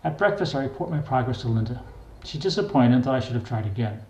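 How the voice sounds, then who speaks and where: An older man reads his own memoir aloud in a plain, wry, unhurried way. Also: medium pitch, expressive, a little mellow. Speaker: memoir reader. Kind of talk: memoir narration. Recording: echoey room.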